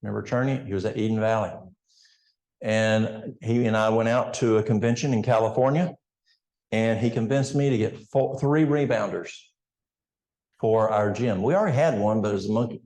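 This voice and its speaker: An older man with an East Tennessee Appalachian accent speaks in a lowish, slightly mellow voice at a moderate pace, and the sound is roomy. He's a health educator giving a folksy health seminar talk in a church, speaking directly to the audience.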